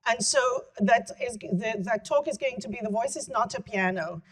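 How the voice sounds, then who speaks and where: A woman's voice: a little high, lively intonation, moderate pace, breathy edge. A middle-aged woman from South Africa, with a South African accent tinged by some American vowels, giving a conference lecture on a clip-on mic with chatty, self-deprecating asides. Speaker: keynote speaker and voice teacher.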